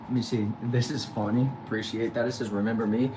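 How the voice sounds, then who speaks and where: A man with a Texan accent reading viewer comments aloud quickly on a casual livestream from a back shed, answering each with a short reply. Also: mid-range voice, little pitch movement. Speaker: livestream host reading chat. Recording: noisy background hum.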